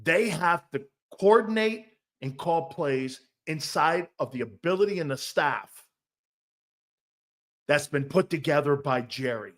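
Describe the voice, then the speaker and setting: A man's voice: on the high side, animated, measured pace, a bit bright. A middle-aged man hosting a casual sports talk show, brash and profane, laughing often as he riffs and reads viewer comments.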